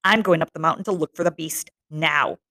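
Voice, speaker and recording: A woman's voice: deep voice, brisk, pushed and bright, no room sound, clean studio sound. A woman reading a mocking schoolboy rival. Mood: taunting. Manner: mocking, sarcastic. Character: taunting schoolboy rival, bitter and proud.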